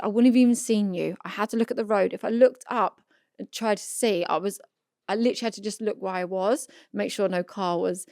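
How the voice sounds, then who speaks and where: A woman in her thirties, a podcast co-host, chatting casually and telling a story with animated reenactment. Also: medium pitch, no echo, clean studio sound. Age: 30s.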